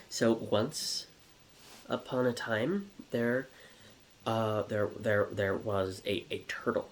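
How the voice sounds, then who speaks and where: Brief: giggly guy spinning a silly story, slow and all over the place, forever restarting his sentences. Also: fairly low pitch, slight background noise. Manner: scatterbrained, giggly, many restarts. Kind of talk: rambling comedic storytime.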